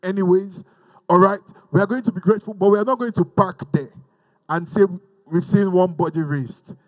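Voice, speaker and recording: A man's voice: high voice, normal speed, dry recording, poor audio. A man from Africa preaching a teaching sermon, fervent, repeating phrases and leading the listeners in call-and-response.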